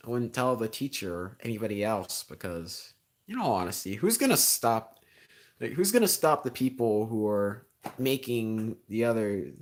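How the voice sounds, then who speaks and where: A teenage boy chatting casually on a livestream, rambling with lots of ums and a sarcastic edge, getting louder when he rants. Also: on the low side. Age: teens. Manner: gets loud and heated when ranting. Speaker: streamer.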